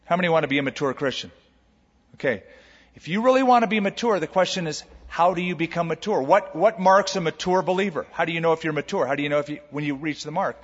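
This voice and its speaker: Preaching man in a reverberant hall. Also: a little high. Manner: animated preaching, drawn-out emphasis, rhetorical questions to the congregation. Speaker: pastor. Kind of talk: sermon. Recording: long hall reverb, dull lo-fi sound.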